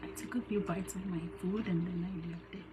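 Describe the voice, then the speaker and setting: A woman's voice: on the low side, fairly even intonation, brisk, very noisy. A tired woman hosting a tarot livestream, chatting casually, rambling, repeating herself and swearing freely. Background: background music.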